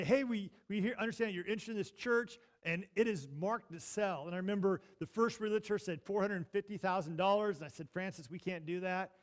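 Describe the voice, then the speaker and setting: A man preaching a sermon as pastor, telling a story in a lively way that jumps from loud bursts to hushed asides. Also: high voice. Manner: animated, swings from loud to hushed. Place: church sanctuary.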